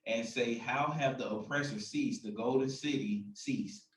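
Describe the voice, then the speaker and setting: A man reading scripture aloud at a slow, measured pace. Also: medium pitch, roomy sound, far from the mic, poor audio. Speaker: scripture reader.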